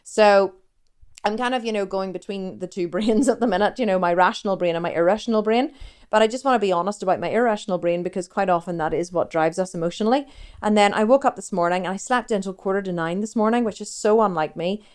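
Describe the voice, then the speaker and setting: A woman in her forties speaks in a candid, confessional vlog. She rambles and keeps cutting herself off mid-thought. Her voice is smooth and clear, at a middling pitch. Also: fast, a little mellow. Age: 40s. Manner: rambling, confessional, self-interrupting. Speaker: fitness coach and vlogger.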